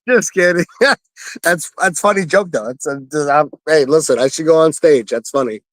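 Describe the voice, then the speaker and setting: A man's voice: a little high, takes it slowly, pauses often, a bit bright, no echo. A man co-hosting a casual chat, joking and swearing a lot, calling in from a pool. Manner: joking, profane, laughing often. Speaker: co-host. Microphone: video call.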